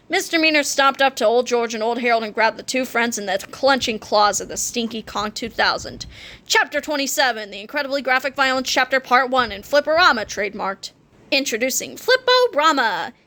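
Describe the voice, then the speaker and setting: A woman narrating a children's book aloud in an expressive reading voice. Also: high voice.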